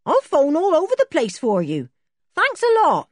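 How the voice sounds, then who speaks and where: A woman's voice: high voice, huge pitch swings, moderate pace, dry recording, studio quality, voice pushed up. Woman voicing an eager teenage garage boy.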